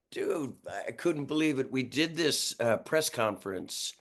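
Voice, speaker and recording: Rambling talk-show guest, man in his 60s, from New York, mid-pitched and chatty. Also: unhurried. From New York, USA. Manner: lively, rambling, chuckles often, restarts sentences. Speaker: guest musician. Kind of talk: casual storytelling interview.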